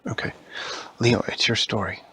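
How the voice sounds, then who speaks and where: A man improvising a bedtime story for a child in a quiet bedroom, soft and meandering. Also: normal speed. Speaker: father telling a bedtime story.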